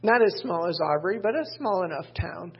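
Gravelly older woman preaching a sermon. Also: fairly low pitch, lively intonation, a little fast. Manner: candid, rambling, self-deprecating asides. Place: church pulpit. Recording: dull lo-fi sermon recording.

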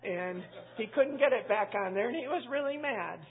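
Gravelly woman pastor on a tinny line. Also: a little high, expressive, normal speed. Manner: chatty and anecdotal, full of asides. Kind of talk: conversational Bible study teaching.

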